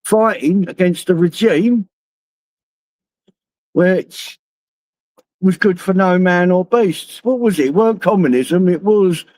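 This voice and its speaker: Middle-aged man, London accent, rambling and sweary, fairly high voice, dry phone sound. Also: takes it slowly, long pauses, darkish tone, no echo, low-quality recording. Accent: London English. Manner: rambling, heavy swearing, laughs at own stories. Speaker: live streamer. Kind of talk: casual live-stream chat while driving.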